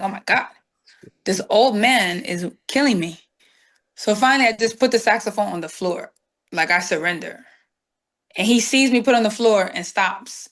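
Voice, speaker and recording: A woman guest, telling stories in an interview and acting out the voices of the people in them. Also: medium pitch. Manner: animated storyteller acting out quoted dialogue. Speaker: guest saxophonist. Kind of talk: storytelling interview.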